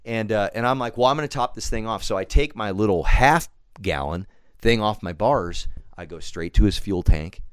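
A male podcast guest tells a story in a casual studio chat, swearing freely and animatedly acting out his own quotes. His voice is on the low side with a clean tone and a moderate pace, and there's no room sound.

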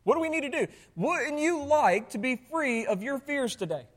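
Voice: sits high, animated, normal speed. A pastor preaching a sermon to a congregation, asking them rhetorical questions and adding sarcastic asides. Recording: long hall reverb.

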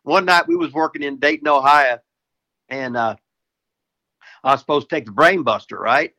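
A man's voice: mid-range voice, moderate pace, pushed and bright. An older American man, a retired wrestler, telling rowdy stories as a guest, swearing constantly and laughing mid-sentence. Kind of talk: profane casual storytelling.

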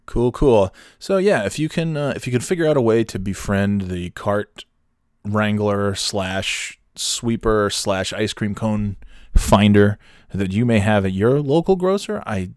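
A middle-aged man telling a casual, wry story, with many fillers and restarts, animated when quoting people. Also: on the low side, a little slow, smooth, no echo, studio quality.

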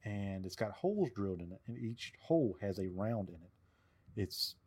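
A man's voice: fairly low pitch, very animated, moderate pace, darkish tone, breathy edge. A man co-hosting a podcast in casual chat, a Civil War reenactor who jokes around and explains old gear step by step.

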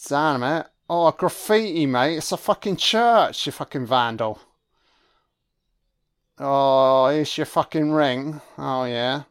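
A man's voice: a little high, slow, smooth. A man giving a casual, profane and sarcastic film commentary as host.

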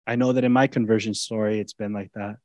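Conversational pastor with big swings in emphasis. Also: male voice, lowish voice, fairly even intonation, fast, no echo. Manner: conversational, swings between loud emphasis and quiet intimate asides. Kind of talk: expository sermon.

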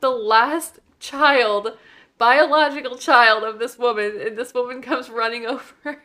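A woman on a casual movie podcast, commenting with emphatic exasperation. Her voice sits a bit higher than average. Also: fairly even intonation, measured pace, bright, forceful tone. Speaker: podcast co-host.

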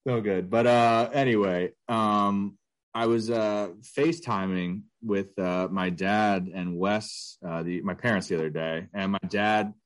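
A man's voice: on the low side, takes it slowly. A man in his thirties co-hosting a casual podcast, rambling with lots of filler words. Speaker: podcast co-host. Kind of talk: casual chat.

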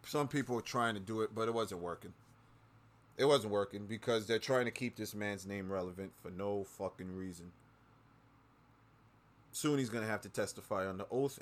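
A man hosting his own show, ranting angrily with constant swearing and repeating lines for emphasis. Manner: swings between low mutters and loud outbursts. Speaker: podcast host. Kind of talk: profane political rant.

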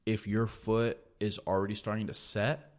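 A man's voice: lowish voice, flat delivery, moderate pace, a little mellow. A young man telling a story casually on a podcast, laid-back and swearing freely, with lots of "like". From United States. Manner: laid-back, profane, peppered with "like". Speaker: podcast host.

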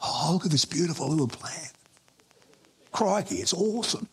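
A man's voice: sits high, animated, moderate pace, darkish tone, husky, exaggerated voice. A pastor putting on a gushing plant-loving father-in-law.

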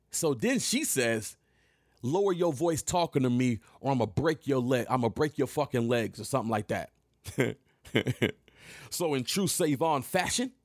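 A man in his thirties recounts an old run-in directly to camera in animated, profane storytelling. His mid-range voice has a gravelly edge. The sound is dry and close-miked. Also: on the high side, no echo. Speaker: vlogger telling a story.

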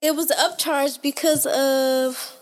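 Woman, high pitch, animated storytelling, profane, casual podcast chat. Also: takes it slowly. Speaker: podcast co-host.

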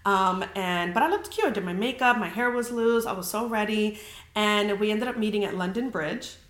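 A woman's voice: mid-range voice, moderate pace. A young adult woman hosting a podcast, telling a story in casual chat, full of fillers and swearing. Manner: chatty, heavy on filler "like", swears freely. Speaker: podcast host. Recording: roomy echo.

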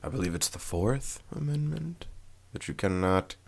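A man's voice: on the low side, very animated, normal speed, gravelly, breathy edge. A man hosting a casual podcast, joking and swearing, laughing often and trailing off mid-sentence. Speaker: podcast co-host.

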